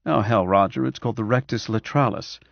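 A harried, sick doctor, voiced by a male narrator who talks briskly and coaxingly, sometimes a little impatient. The voice is gravelly and dry, and the recording sounds a bit dull. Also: fairly low pitch, dry recording. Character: harried, ailing man, a doctor with a cold.

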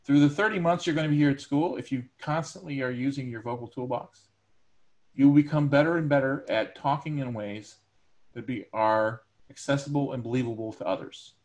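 A man's voice: medium pitch, brisk, a little mellow. A male teacher giving a recorded lecture to his students, talking conversationally with everyday examples and frequent ums and uhs.

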